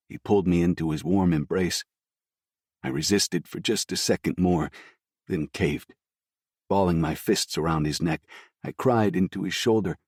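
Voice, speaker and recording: Slow and somber, a man with a low, deep voice narrates a first-person story for an audiobook, keeping his scripted reading steady. It's a close, dry recording with no surrounding room.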